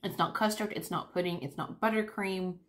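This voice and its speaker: Young woman, lower pitch, relaxed vlog chatter between bites. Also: fairly quick. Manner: chatty, talks while eating. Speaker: vlogger. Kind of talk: casual chat.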